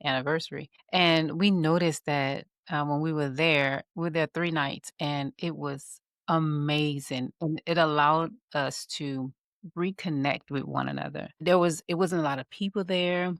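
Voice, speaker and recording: Reflective woman with a lowish voice. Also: steady tone, a little slow, dry recording, studio quality. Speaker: podcast co-host. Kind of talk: casual chat.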